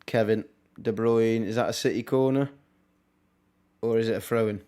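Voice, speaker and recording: A young man, casually commentating on a football match live for his stream, with wry asides and quick reactions. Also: fairly low pitch, steady tone, mellow, clean tone. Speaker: watchalong streamer.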